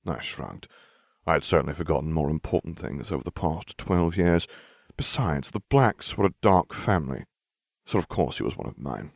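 A man narrating a first-person story with a dry, deadpan manner. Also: a bass voice, moderate pace, vocal fry, dry recording. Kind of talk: reading fan fiction aloud.

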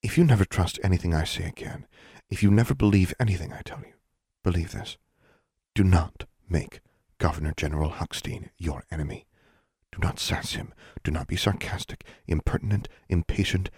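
A man's voice: low-pitched, a little fast, breathy edge, no echo, clean studio sound. Man reading as a stern, guarded school dean. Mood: earnest. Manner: quiet, earnest warnings.

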